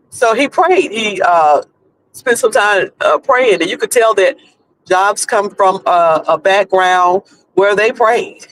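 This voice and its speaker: A man with a North Carolina Southern accent livestreams from behind the wheel, chatting casually in a rambling way full of restarts. His voice sits high with a fairly bright tone, and the poor audio has a little hiss or hum.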